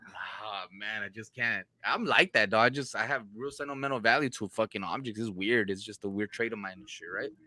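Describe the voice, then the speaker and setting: Lowish bright-voiced podcast host, swears a lot, dry close mic. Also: male voice, quick pace, few pauses, no room sound. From Los Angeles area. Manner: profane, laid-back slang. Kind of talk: casual storytelling.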